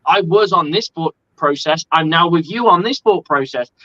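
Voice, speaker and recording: A man co-hosting a casual sports chat, animated and profane, laughing often. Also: on the high side, moderate pace, dull audio. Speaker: podcast co-host.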